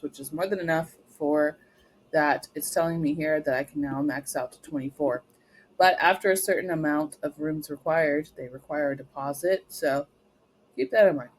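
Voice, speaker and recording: Casual live training host, mid-pitched voice, talks viewers through screens step by step. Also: slight background noise, poor audio. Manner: casual and chatty, checking in with "okay?". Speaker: travel advisor trainer.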